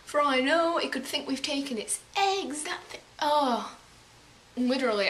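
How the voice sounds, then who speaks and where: A young woman telling a story to the camera in casual, dramatic bursts, swearing and sometimes yelling. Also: high-pitched, normal speed, a little hiss or hum. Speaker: vlogger.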